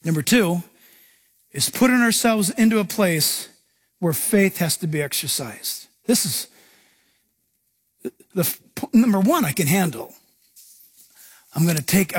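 A man preaching a sermon in a high, bright-sounding voice. His pitch leaps and swoops as he acts out the scenes he describes. He teaches as a pastor speaking to his congregation. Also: big pitch swings, moderate pace, long pauses, husky.

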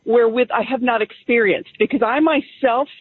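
A woman's voice: a little high, normal speed, slightly rough. A woman calling in to a radio show, speaking firmly and from the heart. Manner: firm, heartfelt testimony. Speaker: caller. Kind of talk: call-in radio talk. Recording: tinny phone line.

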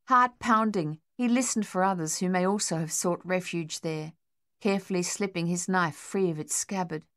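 A woman reading a war novel as audiobook narration, measured and tense. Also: fairly low pitch.

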